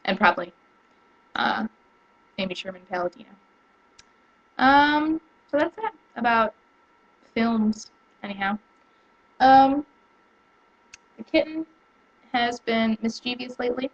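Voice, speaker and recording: A young woman chatting casually to camera at home, rambling and excitable, with lots of fillers and restarts. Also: medium pitch, moderate pace, long pauses, muffled recording. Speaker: vlogger. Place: home room.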